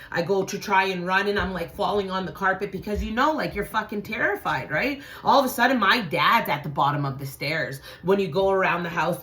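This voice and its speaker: Low-pitched woman telling a scary story on her channel, dramatic and sweary. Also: a bit bright. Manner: intense, profane, dramatic. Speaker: channel host. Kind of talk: storytelling vlog.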